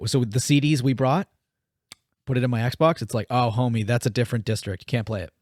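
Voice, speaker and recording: A man's voice: mid-range voice, fairly even intonation, a little fast, darkish tone, no echo, studio quality. A man co-hosting a podcast, telling a story in casual, profane chat and acting out the quotes. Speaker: podcast co-host.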